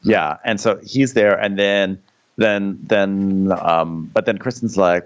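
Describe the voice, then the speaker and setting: Male co-host, low voice, wry riffing, muffled lo-fi sound. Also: slow pace. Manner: wry, riffs in joking impressions. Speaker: podcast co-host. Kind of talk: casual recap chat. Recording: dull lo-fi sound.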